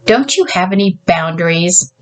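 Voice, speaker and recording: A woman's voice: on the low side, lively intonation, normal speed, faint music behind, lightly acted. A woman voicing a grumpy, embarrassed young man with a broken leg, speaking curtly. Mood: annoyed. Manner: curt, annoyed.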